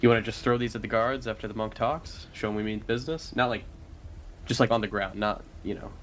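A man's voice: on the low side, steady tone, fast, a bit bright, slight background noise. Casual male tabletop player.

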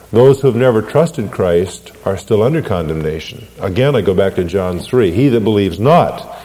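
Male preacher, deliberate teaching sermon with rhetorical questions, hall reverb. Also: on the low side, dark tone. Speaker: pastor.

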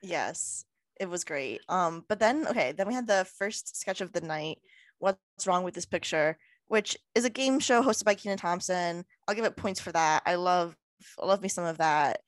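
Lively young woman, dry close sound. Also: fairly low pitch, normal speed, dry recording. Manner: laughs loudly, blunt and swearing. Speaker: podcast co-host. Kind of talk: casual podcast chat.

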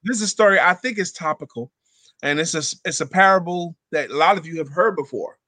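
A man's voice: a little high, fast, dry recording. A man telling a parable on a live show, acting out the voices in his quotes. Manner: animated storyteller acting out quotes. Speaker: guest. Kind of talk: storytelling a parable.

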